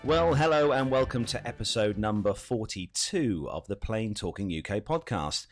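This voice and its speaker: A man's voice: lowish voice, lively intonation, moderate pace, faint music behind. A man hosting a podcast from a home kitchen, talking in a rambling, chatty way. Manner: rambling, chatty, laughs often. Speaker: podcast host. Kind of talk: casual chat.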